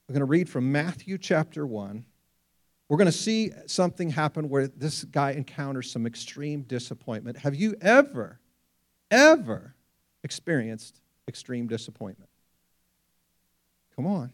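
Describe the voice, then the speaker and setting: A man preaching a sermon, telling stories with lively rhetorical questions. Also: on the high side. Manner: animated storytelling, rhetorical questions. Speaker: pastor.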